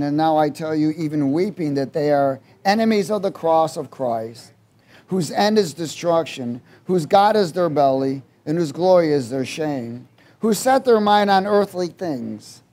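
Male preacher, high pitch, call-and-response sermon, loud exhortation and soft asides. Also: expressive, a little slow. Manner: swings between loud exhortation and quiet asides.

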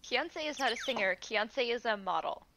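A woman's voice: a little high, animated, normal speed, vocal fry, background noise. A woman co-streaming a game in casual chat, saying "like" a lot. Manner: chatty, says "like" a lot.

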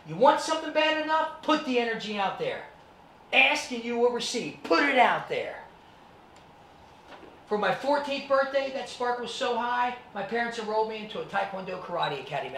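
A high-pitched man tells his life story to students with dramatic, animated delivery. The sound is roomy and echoey, captured from a distant mic with faint background hiss. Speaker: actor and martial artist giving a presentation.

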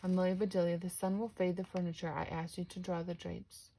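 A woman voicing an exasperated lady of the house in a storybook reading, emphatic and exclaiming, a bit higher and louder than her narration. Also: level tone, brisk, a little hiss or hum, lightly acted. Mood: stern.

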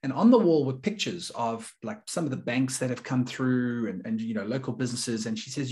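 A man's voice: mid-range voice, expressive, brisk, darkish tone. A middle-aged man, an earnest and emphatic storyteller speaking as a guest in an interview. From South Africa. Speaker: guest, leadership coach.

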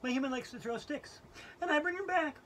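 A man's voice: extremely high pitch, a little fast, sharp tone, a little hiss or hum. A man playing a giddy, quirky female yoga teacher who keeps breaking into giggles as she leads a comedic lesson. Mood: playful. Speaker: yoga instructor.

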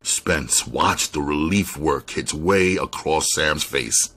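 A man narrates a crime novel in a very deep, husky voice. He reads at an unhurried, deliberate pace, letting each line settle. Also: bright, forceful tone. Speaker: audiobook reader. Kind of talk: scripted narration.

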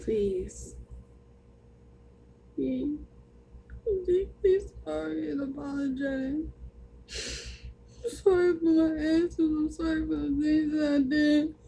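A tearful woman in her thirties pleads and apologizes on a casual livestream. Her voice sits high but sounds dark and mellow in tone. A faint hiss runs underneath. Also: fairly even intonation, measured pace, gravelly, pauses often, rough recording. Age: 30s. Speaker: livestream co-host.

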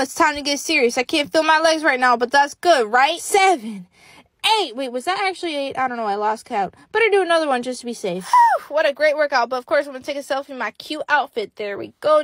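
A woman's voice: sits high, fairly bright tone, no room sound, clean studio sound. A young woman performing a comedy skit monologue, talking to herself in a bubbly, breathless, playful way. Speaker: comedy creator.

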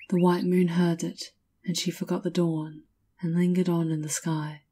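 A woman narrating a fairy tale in a measured, lyrical way. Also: on the low side, flat delivery, dark tone, slight background noise. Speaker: storyteller. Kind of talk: scripted storybook narration.

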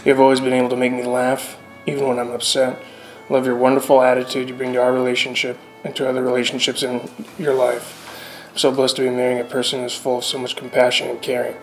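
A young man reading sincere wedding vows to his bride in a steady way. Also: mid-range voice, fast talker, poor audio. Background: soft music.

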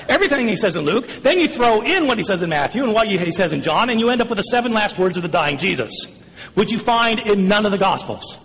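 A man's voice: sits high, a bit bright. A man making a formal debate argument, emphatic and full of rhetorical questions. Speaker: debate participant. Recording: echoey hall reverb.

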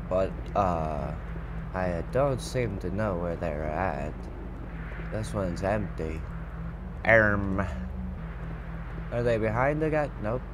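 Mumbling low-voiced man playing a horror game. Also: animated, slow pace, long pauses, noisy background. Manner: mumbling, hesitant, talks to himself. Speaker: gaming youtuber.

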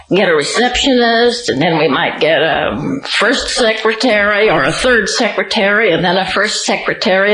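A woman sits for an oral history interview and recounts her memories at an easy, unhurried storytelling pace, now and then breaking into a light laugh. Her voice sits a little low. The recording rings with an echoey room. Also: fairly bright tone.

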